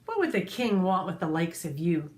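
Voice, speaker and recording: A woman's voice: lowish voice, sing-song, normal speed. A woman doing a sly, boastful storybook fox.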